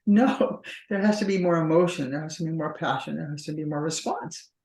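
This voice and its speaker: This couples therapist, a woman with a low-pitched, slightly mellow voice, talks a bit fast in a conversational interview, often acting out partners' speech. The recording has roomy echo.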